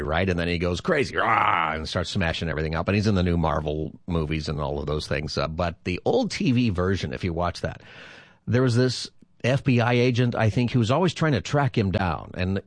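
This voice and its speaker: Chatty pastor guy hosting call-in radio, lowish voice that swings all over, dry close mic. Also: no room sound. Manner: chatty, laughs easily, repeats the phone number. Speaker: radio talk show host, pastor. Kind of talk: casual call-in radio chat.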